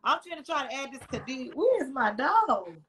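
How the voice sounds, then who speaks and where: High bright-voiced woman hosting a livestream. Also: very animated, brisk, a little hiss or hum. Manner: chatty and loose, drops slang. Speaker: livestream host. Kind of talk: casual live video chat.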